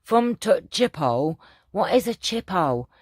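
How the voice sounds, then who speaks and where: A woman's voice: fairly low pitch, sing-song, measured pace, husky, no echo, clean studio sound, pitched above the performer's own voice, heavily acted. A woman voicing her young schoolgirl daughter, with a broad Yorkshire accent and clipped dialect words. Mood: pleading.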